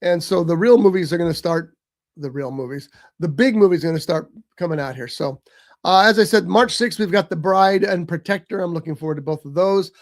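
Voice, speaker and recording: A man's voice: high voice, fairly quick. A man co-hosting a casual movie chat on a live stream, chatty and given to exasperated teasing. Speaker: co-host. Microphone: streaming mic.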